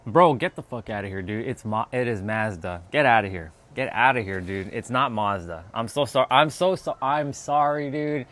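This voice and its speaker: A man's voice: mid-range voice, lively intonation, normal speed, hardly any pauses, fairly bright tone. A man hosting a casual livestream, chatting loosely with viewers, joking and swearing as he reads the chat aloud. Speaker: livestream host.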